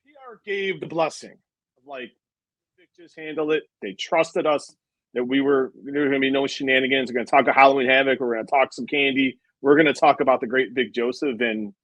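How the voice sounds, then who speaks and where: A man's voice: medium pitch, fairly even intonation, brisk, fairly bright tone, dry recording, rough recording. A man in his thirties interviewing a guest, telling a long, rambling anecdote with lots of asides. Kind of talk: casual interview storytelling.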